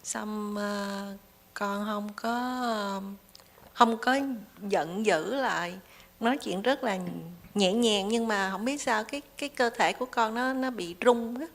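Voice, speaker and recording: A woman asking the teacher a question softly and hesitantly, laughing nervously between words. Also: mid-range voice, measured pace. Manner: soft, hesitant, giggly. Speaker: audience member asking a question.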